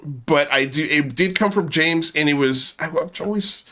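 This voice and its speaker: Bright-voiced sarcastic male host. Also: on the high side, moderate pace. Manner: mocking, exaggerated sarcastic asides. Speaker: channel host. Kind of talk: sarcastic commentary.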